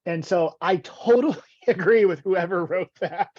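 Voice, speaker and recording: A man's voice: sits high, moderate pace, no echo. A man in his forties, a guest in a casual podcast conversation, talks in a rambling, self-deprecating way with many stammered restarts. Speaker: guest, vitality coach. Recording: dull, dry, lo-fi audio.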